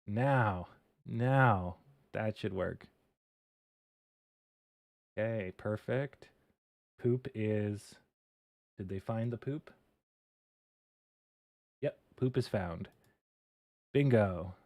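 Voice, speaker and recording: A man's voice: fairly low pitch, drawn-out words, vocal fry, long pauses. A man hosting a casual livestream, talking things through as he works and swearing lightly at his own slips. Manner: relaxed, muttering, swears and laughs at his own mistakes. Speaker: livestream host. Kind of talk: casual livestream chat while coding and reading charts.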